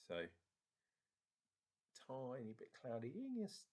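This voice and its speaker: A man's voice: mid-range voice, level tone, slow, mellow. A man with a northern English accent, rambling casually through a beer review vlog and swearing now and then.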